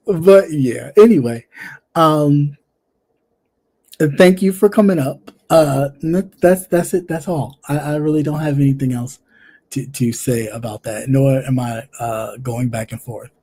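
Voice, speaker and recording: Sassy, blunt livestream host with a mellow voice. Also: mid-range voice, unhurried, breathy edge. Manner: sassy and blunt, addressing a viewer directly; repeats phrases, trails off into soft fillers. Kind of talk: casual live-stream commentary.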